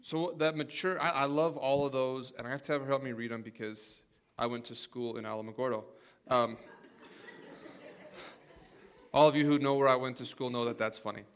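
A middle-aged man preaching in a relaxed, folksy way, slipping in jokes as he goes. His voice sits at an ordinary pitch for a man. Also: normal speed, pauses often, clean tone. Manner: folksy, joking, with football stories. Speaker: pastor. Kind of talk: sermon.

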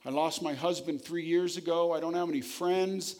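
A man's voice: a little high, fairly even intonation, moderate pace, darkish tone, natural voice. A man voicing a lonely old widow telling how she had given up on God, in a sermon story. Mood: heartfelt. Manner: heartfelt, confessional.

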